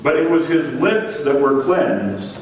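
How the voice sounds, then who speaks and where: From far off in an echoey church sanctuary, a male pastor preaches a sermon in a slow, sing-song manner. He raises his pitch and leans on words he repeats, with strong reverberation and a faint hum of ambience behind him.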